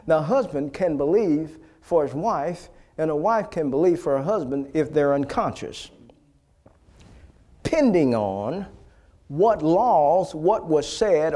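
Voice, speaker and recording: A man preaching a healing sermon, emphatic and rising to loud, repeated exhortations, with frequent restarts. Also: fairly high pitch. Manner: restarts and stammers between phrases.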